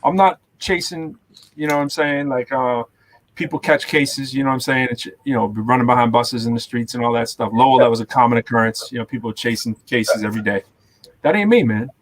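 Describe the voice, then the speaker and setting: A man from Massachusetts who hosts a podcast and raps, ranting in casual, animated chat with lots of fillers. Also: mid-range voice, brisk. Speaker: podcast host and rapper.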